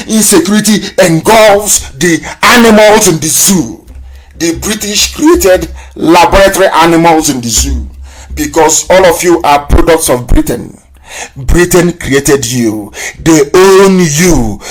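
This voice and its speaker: A man from Nigeria delivers a live political broadcast with a slightly raised pitch. His oratory is impassioned and scornful, and he hammers points home through repetition. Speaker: broadcast host.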